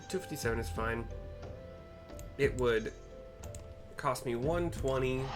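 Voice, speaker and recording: A man casually narrating a game playthrough and describing scenes aloud, chatty and rambling, often correcting himself. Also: mid-range voice. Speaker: gameplay narrator.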